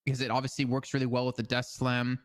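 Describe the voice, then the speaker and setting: A man co-casts an esports match in a loose, chatty way, hedging often as he weighs each pick. His voice sits in an ordinary middle pitch. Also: monotone, quick pace. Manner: casual, hedging with fillers like "I mean". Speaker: esports co-caster. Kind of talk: esports analysis commentary.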